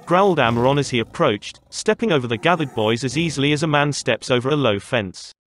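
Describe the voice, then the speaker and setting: A man narrating a fantasy novel in a steady storytelling manner. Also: medium pitch, fairly quick, no room sound. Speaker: audiobook narrator.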